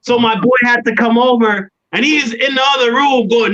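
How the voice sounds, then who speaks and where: A man telling a long studio story in a casual interview, animated and acting out what others said. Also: very high voice, fairly quick. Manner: animated storyteller, acts out quoted voices. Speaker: guest artist. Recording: dull lo-fi sound.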